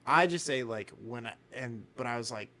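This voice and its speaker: Man, podcast co-host, bright voice, animated storyteller, acts out quotes, swears a lot. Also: mid-range voice, normal speed. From United States. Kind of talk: casual chat.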